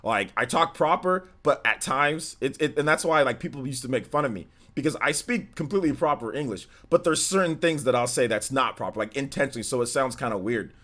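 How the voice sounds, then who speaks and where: A man's voice: mid-range voice, expressive, fairly quick, few pauses, bright, forceful tone. A man from the United States hosting a casual live gaming stream, chatty and slangy, talking straight to his viewers.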